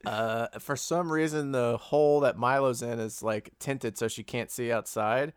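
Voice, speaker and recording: Smooth-voiced man chatting about a movie. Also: medium pitch, unhurried, no echo, studio quality. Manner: animated, quotes characters in his retelling. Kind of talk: casual movie review chat.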